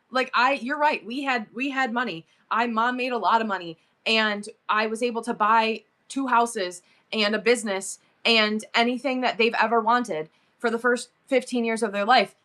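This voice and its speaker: A woman's voice: fairly high pitch, fairly bright tone. A woman in her forties hosting a live selling stream, talking emotionally about her son and gushing thanks to viewers. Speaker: livestream seller.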